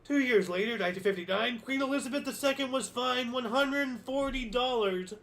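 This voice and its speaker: A man's voice: extremely high pitch, a little fast, few pauses, a bit bright. A man hosting a daily history show, reading dated events aloud and musing about them in a casual, rambling way with many fillers and self-corrections. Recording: faint background music.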